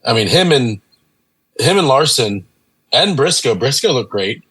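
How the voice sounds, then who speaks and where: A man's voice: medium pitch, big pitch swings, unhurried, fairly bright tone, rough recording. A man co-hosting a casual podcast from home on a video call, joking and chatty. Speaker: podcast co-host. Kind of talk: casual chat. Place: home room with family nearby.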